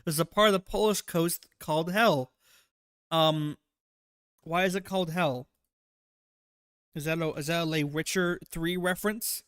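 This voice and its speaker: A man's voice: a little high, fairly even intonation, measured pace, pauses often, fairly bright tone, clean tone, no echo, clean studio sound. A man hosting a casual livestream, reacting to clips with crude, sarcastic rambling. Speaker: livestream host.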